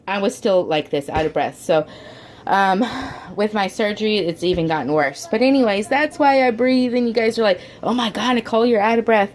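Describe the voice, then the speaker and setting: There's a faint hiss or hum under this woman's mid-range voice as she chats at home. The mother of four rambles to her camera indoors, restarting and using fillers, with a homey manner and the odd "y'all."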